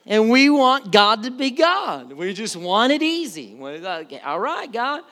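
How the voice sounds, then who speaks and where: Male pastor, lively and joking sermon delivery, long hall reverb. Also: high voice, measured pace. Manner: animated, joking, acts out quoted voices.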